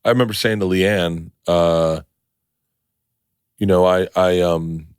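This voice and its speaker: A man hosting a podcast, telling stories in a rambling, excitable way and swearing freely. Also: low voice, slow pace, clean tone, no room sound, clean studio sound. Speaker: podcast host. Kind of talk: casual podcast chat.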